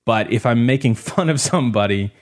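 A man's voice: medium pitch, lively intonation, brisk. A man in a casual podcast chat, blunt and profane, rambling and laughing often. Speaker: podcast co-host.

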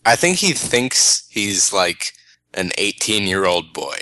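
Deadpan man with a bright, lowish voice. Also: takes it slowly. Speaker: podcast co-host. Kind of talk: casual comedic chat.

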